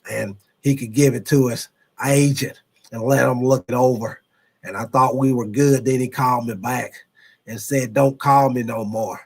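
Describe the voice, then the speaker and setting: A man doing an impression of an older team owner, talking in a slow, halting, folksy drawl. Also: mid-range voice, fairly even intonation, slightly rough, pitched below the performer's own voice. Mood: explaining.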